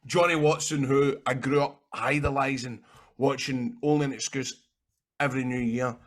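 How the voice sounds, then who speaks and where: A man with a Scottish accent, a guest in an interview, telling rambling, animated stories and swearing freely. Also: medium pitch, normal speed. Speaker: interview guest, actor and wrestler. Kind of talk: casual anecdotal storytelling.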